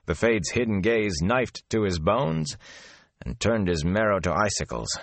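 Deep-voiced male audiobook narrator. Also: creaky, dry recording. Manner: steady, measured storytelling. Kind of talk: scripted fantasy narration.

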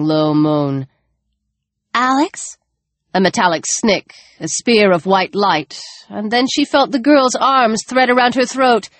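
A woman narrating a tense, dramatic novel, dropping her voice low for grim moments. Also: dry recording. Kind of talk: audiobook narration.

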